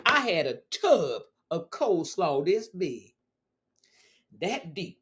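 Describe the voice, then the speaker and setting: A woman's voice: on the low side, sing-song, slow pace, breathy edge. A middle-aged woman hosting her show, telling a story in a casual, exuberant way full of exclamations. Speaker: show host.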